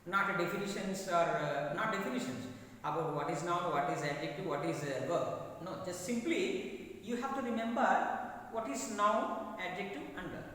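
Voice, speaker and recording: A man teaching an English grammar lesson, explaining slowly with lots of repetition and emphasis. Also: sits high, sharp tone. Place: classroom. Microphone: far from the mic. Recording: echoey room recorded from far off.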